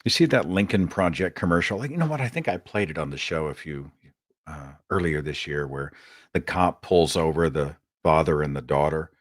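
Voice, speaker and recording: A man's voice: very deep voice, lively intonation, normal speed, no echo, clean studio sound. A man hosting a call-in show, talking in a casual, loose, conversational way. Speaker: host.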